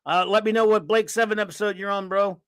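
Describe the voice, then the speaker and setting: A man's voice: high-pitched, steady tone, fast, a bit bright, clear, resonant tone, no echo. A man hosting a casual live stream, rambling and sarcastic as he greets viewers and rants. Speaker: host of a live stream chat.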